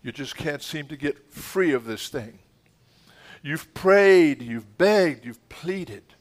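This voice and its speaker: A middle-aged man, a pastor, leading a charismatic healing prayer at a church service, fervent and commanding, swinging from loud shouted rebukes to hushed murmurs. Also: on the high side, expressive, takes it slowly. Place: church sanctuary.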